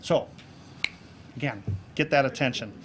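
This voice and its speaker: A man giving a keynote speech to a club audience on presentation skills, lively and jokey, acting out examples. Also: medium pitch, a little slow, noisy background. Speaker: keynote speaker. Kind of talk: public speaking talk on presentation skills. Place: club meeting room with an audience.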